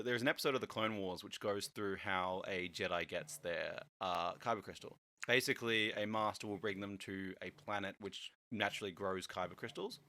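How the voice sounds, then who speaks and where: A man's voice: fairly low pitch, a bit bright. A man explaining lore on a casual podcast, rambling with frequent restarts and laughter. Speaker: podcast host. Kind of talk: casual chat.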